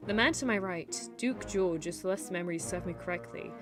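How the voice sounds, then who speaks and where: A young woman streamer reading a story game aloud, animated, laughing and breaking off to comment. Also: on the low side, brisk, music in the background.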